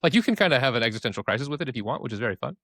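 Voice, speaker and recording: Animated, swearing young man. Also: mid-range voice, racing, no echo, studio quality. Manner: animated storyteller, swears freely, mimics voices. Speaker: podcast co-host. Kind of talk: casual podcast chat.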